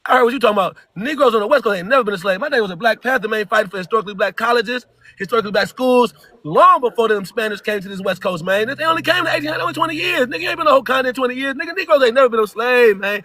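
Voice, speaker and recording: A man from California ranting loudly over a video call in a rambling, emphatic slang-heavy style. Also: very high voice, animated, rapid-fire, no room sound. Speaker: caller. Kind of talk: heated rant.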